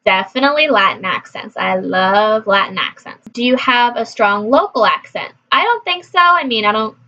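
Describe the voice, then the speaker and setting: A woman from California chatting casually through a list of questions, answering briskly with frequent laughs. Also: a little high, expressive, pushed and bright, lo-fi sound. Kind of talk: casual chat.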